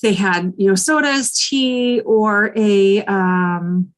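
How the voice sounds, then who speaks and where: A woman's voice: medium pitch, takes it slowly. A chatty woman from the United States co-hosting a casual chat show. She talks freely, stopping for ums and laughing often. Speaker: podcast co-host, travel planner.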